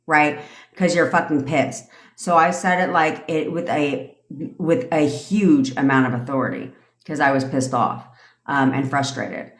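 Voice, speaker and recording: Woman in her thirties, low voice, blunt, swears a lot, laughs often, livestream coach, echoey room. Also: a little slow. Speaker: manifestation coach. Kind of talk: casual livestream rant and Q&A.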